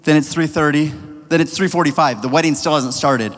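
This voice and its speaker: A man's voice: a little high, fairly quick. Upbeat young man preaching in reverberant hall. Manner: energetic, leads the crowd in call-and-response. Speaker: youth pastor. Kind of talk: storytelling youth sermon.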